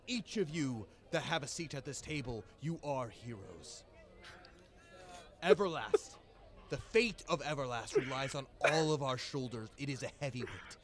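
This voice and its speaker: A man's voice: mid-range voice, expressive, normal speed, noisy background, natural voice. Man doing a jolly boastful pirate captain. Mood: rousing. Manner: grand toasting speeches.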